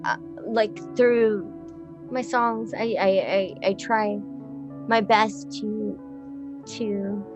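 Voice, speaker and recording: A woman in her thirties, a musician being interviewed, talking in a rambling, excitable way, swearing freely and laughing often. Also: mid-range voice, extremely slow, long pauses, over music. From Texas. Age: 30s. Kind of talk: casual chat.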